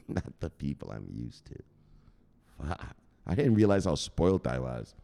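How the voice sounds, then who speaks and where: A man's voice: medium pitch, a little fast. A man hosting a crypto news show, ranting in a casual, profane way on a livestream. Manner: profane and animated. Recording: roomy reverb.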